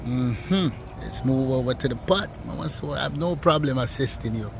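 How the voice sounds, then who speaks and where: A young man with a Jamaican accent bantering playfully with his mother while she cooks, giving shout-outs to viewers. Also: mid-range voice, moderate pace, creaky, noisy background. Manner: playful, joking, shouts out to fans. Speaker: co-host, son of the cook. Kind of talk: casual cooking vlog banter.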